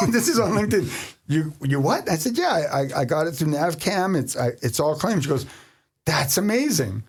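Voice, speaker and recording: Animated storytelling man, fairly high voice. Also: a little fast, slightly rough. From Canada. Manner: animated, laughs often, acts out quoted voices. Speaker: podcast host. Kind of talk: casual storytelling chat.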